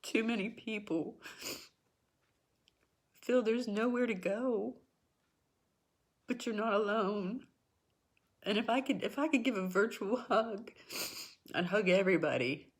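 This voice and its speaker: A middle-aged woman with a husky, medium-pitched voice speaks at a measured pace with long pauses. Hosting a spiritual talk show, she addresses her viewers in an emotional, personal way, earnest and encouraging, and repeats herself for emphasis. At times she's tearful.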